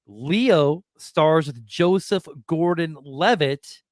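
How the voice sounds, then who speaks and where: A man's voice: on the high side, drawn-out words, dry recording, clean studio sound. A man hosting a casual podcast, laid-back and encouraging toward his co-host.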